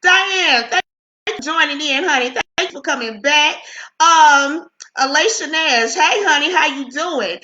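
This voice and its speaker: A middle-aged woman hosts a casual livestream from home, chatting and greeting viewers by name despite a lingering cough. Her high-pitched voice is pushed, bright, and a little slow, picked up by a computer webcam mic with reverberant, dull audio.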